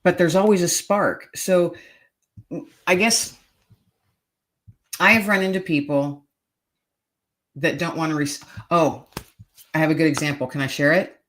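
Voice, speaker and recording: A woman's voice: low voice, fairly even intonation, a little slow, pauses often. Middle-aged woman guest, earnest and emphatic, relating a personal story in an interview. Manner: earnest, emphatic, repeats key phrases. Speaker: podcast guest, author. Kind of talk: heartfelt storytelling in conversation.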